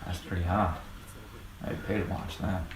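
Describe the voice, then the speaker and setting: A man's voice: sits low, fairly even intonation, moderate pace. A man playing a game and chatting casually, tossing off dry, offhand remarks. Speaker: let's play player. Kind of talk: casual gaming chat. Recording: echoey room with noise.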